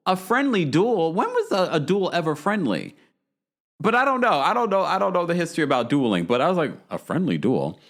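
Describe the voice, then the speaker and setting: Animated man recapping reality TV. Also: fast talker. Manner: animated, playful, mimics quotes with pitch jumps. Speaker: podcast host recapping reality TV. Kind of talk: casual chat.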